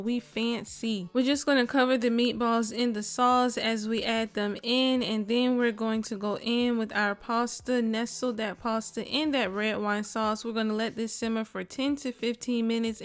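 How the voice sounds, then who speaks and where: Smooth-voiced playful woman cooking host. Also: fairly high pitch. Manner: playful, chatty, addresses viewers as y'all. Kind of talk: cooking voice-over narration.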